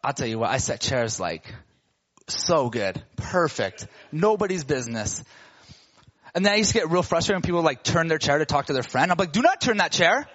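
A man preaching a sermon, retelling a story with lively casual slang and acting out the characters' voices. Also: fairly high pitch, moderate pace, lo-fi sound.

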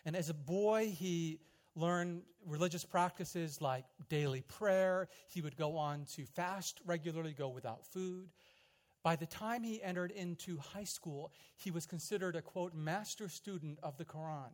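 A man preaching a sermon, telling a story dramatically, swelling loud and then dropping quiet. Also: on the high side, a little slow. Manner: dramatic storytelling, rising loud in quoted prayers and dropping soft. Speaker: pastor.

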